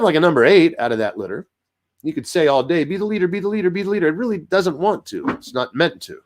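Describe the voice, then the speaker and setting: A man working as a dog trainer, explaining in a casual, animated way and acting out what dogs think in little voices. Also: mid-range voice. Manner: animated, acts out dogs' thoughts in voices. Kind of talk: casual instructional talk.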